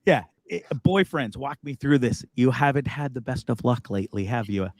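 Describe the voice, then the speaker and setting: A man's voice: medium pitch, normal speed, no echo. Middle-aged male podcast host, loose and profane storyteller, dry close sound. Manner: profane, rambling, animated storyteller. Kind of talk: casual chat.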